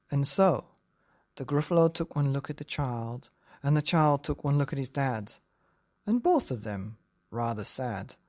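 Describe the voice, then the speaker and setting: A man's voice: medium pitch, darkish tone, no room sound, clean studio sound. A man improvising a rhyming bedtime story in a sing-song manner.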